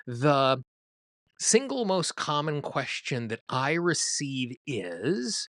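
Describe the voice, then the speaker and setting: A man's voice: fairly high pitch, very animated, takes it slowly, fairly bright tone, no echo, clean studio sound. A man hosting a tapping show, teaching in a conversational way with everyday examples. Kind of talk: instructional talk to camera.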